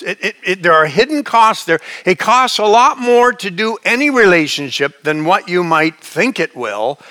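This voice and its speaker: A man's voice: sits high, sharp tone. A male pastor giving a sermon in a conversational, folksy manner with chuckling asides.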